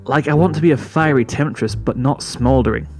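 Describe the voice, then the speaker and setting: A man's voice: mid-range voice, fairly quick, darkish tone, soft background music, natural voice. A man reading a fan story, voicing a cheerful, oddly formal female kirin. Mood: bubbly. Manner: bubbly, formal and rambling. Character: cheerful, odd-talking female kirin mare.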